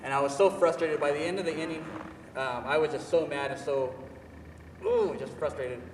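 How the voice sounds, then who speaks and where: A young man telling a personal story in an animated, self-mocking, emphatic way. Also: on the high side, moderate pace, slight background noise. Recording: echoey hall, voice from far off, faint ambience.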